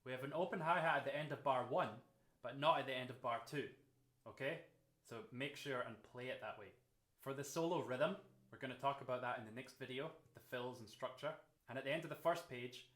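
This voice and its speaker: A man's voice: medium pitch, a little fast. Man explaining drum grooves. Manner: steady, counts beats aloud. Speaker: drum teacher. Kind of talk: instructional explanation. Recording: roomy echo.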